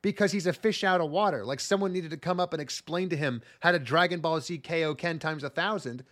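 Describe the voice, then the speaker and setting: A man's voice: a little high, brisk, a bit bright. A man casually ranting about an anime plot, sarcastic and profane, with mock retellings of scenes. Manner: rambling, profane, sarcastic retelling with mocking impressions. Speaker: podcast co-host reviewing anime. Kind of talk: casual comedic chat.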